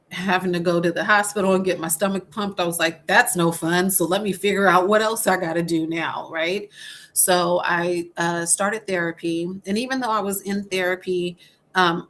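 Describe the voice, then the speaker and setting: A woman's voice: lowish voice, a bit bright. A middle-aged woman guest telling a hard personal story candidly, with many fillers and restarts.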